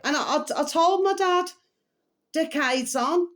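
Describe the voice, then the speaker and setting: A woman's voice: high-pitched, lively intonation, unhurried, a bit bright. Older woman, vlogger, rambling, emotional, repetitive pet phrases. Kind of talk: rambling personal storytelling to camera.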